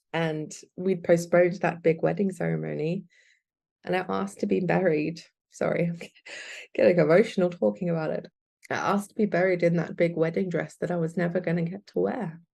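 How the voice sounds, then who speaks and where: Young woman guest, low husky voice with fry, mellow tone, earnest and candid. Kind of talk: personal storytelling.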